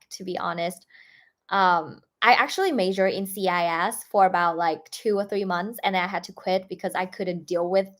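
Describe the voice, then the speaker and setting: A young woman from Vietnam talks casually through a livestream, answering questions from viewers. Her talk is loose and chatty, with frequent fillers and restarts, at a middling pitch for a woman.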